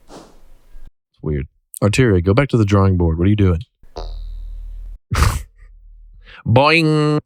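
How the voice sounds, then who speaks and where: Low-voiced man chatting through a tutorial. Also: no room sound, clean studio sound. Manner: relaxed, joking, thinks aloud while working. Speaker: music producer demonstrating his track. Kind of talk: casual screen-recorded tutorial chat.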